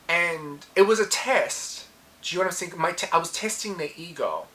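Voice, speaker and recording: A woman hosting a casual solo podcast animatedly tells a personal story, acting out lines she once said, in a reflective, self-coaching tone. Her voice is lowish, expressive, and sharp, at a moderate pace, over a rough recording with slight background noise.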